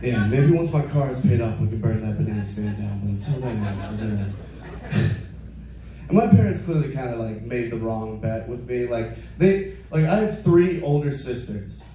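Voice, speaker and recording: A man's voice: mid-range voice, expressive, moderate pace, dark tone. A young man doing stand-up in a comedy club, rambling and filling almost every phrase with "like" while chatting with the crowd. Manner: chats with the crowd. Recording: echoey club from far off.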